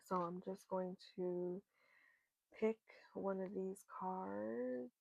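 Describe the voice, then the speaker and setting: A woman doing an oracle card reading, giving gentle, earnest encouragement that repeats its key words. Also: medium pitch, extremely slow, vocal fry, no room sound, rough recording. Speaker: spiritual card reader.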